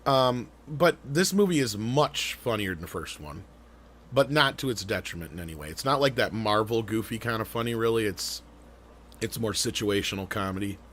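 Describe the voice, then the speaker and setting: A man's voice: on the low side, animated, normal speed, fairly bright tone, a little hiss or hum. A man co-hosting a live online talk show, chatting casually, rambling with fillers, restarts and the odd swear. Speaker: podcast co-host. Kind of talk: casual live-stream chat.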